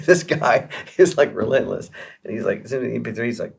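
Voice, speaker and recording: A man being interviewed as a guest musician, telling a long story in a chatty, animated way with many fillers and restarts. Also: mid-range voice, a little fast, gravelly, breathy edge.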